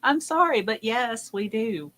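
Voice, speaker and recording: A woman's voice: fairly high pitch, animated, measured pace, fairly bright tone, a little hiss or hum. A woman guest on a podcast, chatting casually and apologizing with a giggle.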